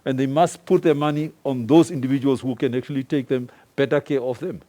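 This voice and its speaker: A man's voice: mid-range voice, steady tone, brisk, mellow. A male doctor on a panel, pleading insistently with the public. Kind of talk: panel discussion.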